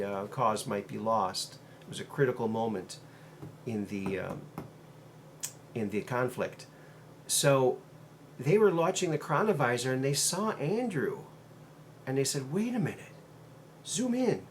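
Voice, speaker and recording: A medium-pitched man hosts his own show, retelling a story in a casual monologue. He meanders and halts, filling gaps with frequent ums and uhs, over slight background noise.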